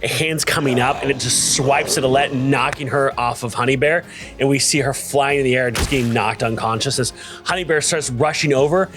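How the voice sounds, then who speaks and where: A man's voice: mid-range voice, fairly even intonation, fairly quick, music in the background. A man narrating a tabletop role-playing game as dungeon master, in a casual, laid-back way.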